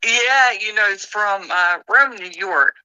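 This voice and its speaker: A woman's voice: mid-range voice, takes it slowly, bright, forceful tone, clean tone, dry recording, highs cut off. A woman with a Southern US accent, a friendly, chatty guest on a casual livestream.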